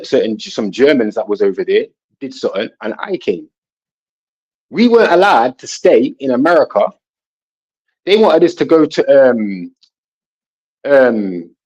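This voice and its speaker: A man telling a long personal story in a casual panel talk, rambling and animated, often asking "you know what I'm saying". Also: mid-range voice, husky. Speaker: guest. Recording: dull lo-fi sound.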